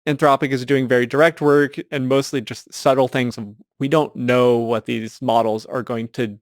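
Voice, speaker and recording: A man's voice: mid-range voice, level tone, normal speed, no room sound, studio quality. A man speaking as a podcast guest, matter-of-fact, with laughs between his points. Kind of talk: casual discussion.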